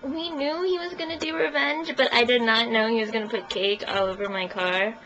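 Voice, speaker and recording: A woman's voice: on the high side, steady tone, brisk, a bit bright. A young woman telling a story in a casual interview, chatty and giggly, full of "like". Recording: muffled recording with faint hiss.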